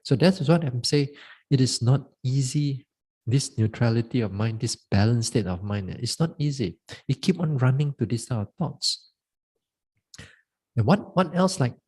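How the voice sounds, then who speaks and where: A Buddhist monk giving a dharma talk on meditation, halting and repeating words as he goes. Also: mid-range voice, animated, darkish tone, breathy edge.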